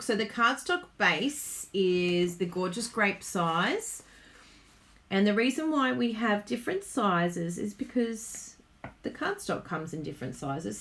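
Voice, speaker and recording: Her mid-range voice is a bit bright, with a little hiss or hum in the recording. This Australian woman chats and giggles through a live card-making stream, addressing viewers while she crafts and reading out their comments.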